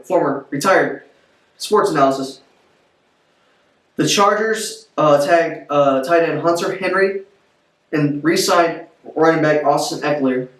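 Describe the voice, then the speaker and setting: A man giving blunt, offhand, opinionated football commentary in a vlog. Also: fairly high pitch. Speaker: sports vlogger. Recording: roomy echo, distant from mic.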